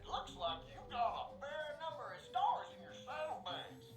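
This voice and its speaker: A woman's voice: high voice, very animated, moderate pace. A woman voicing a friendly frontier woman in a western wasteland game, with a folksy cowboy greeting manner. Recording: echoey game audio, distant, under music.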